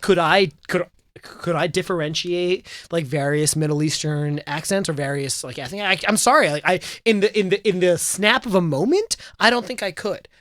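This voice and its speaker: Halting, apologetic male panel guest. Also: sits high, fairly bright tone, no room sound. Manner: halting, apologetic, many restarts. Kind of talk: panel chat.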